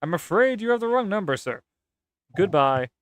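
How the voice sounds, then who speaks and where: A man voicing a bored young female sales operator who speaks in a flat monotone. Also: sits high, moderate pace, clear, resonant tone, voice pushed up.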